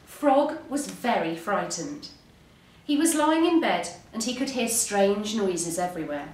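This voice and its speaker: A woman, an English teacher, reading a bedtime story aloud with expressive, unhurried storytelling. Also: mid-range voice. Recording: roomy, distant mic.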